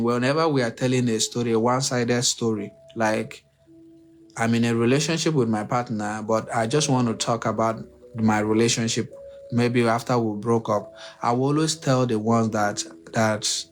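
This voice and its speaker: Male livestream host at an average pitch who lectures on relationships, talks straight to his audience and presses his points home. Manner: preachy, repetitive, uses rhetorical questions; addresses listeners directly and emphatically. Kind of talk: unscripted livestream monologue.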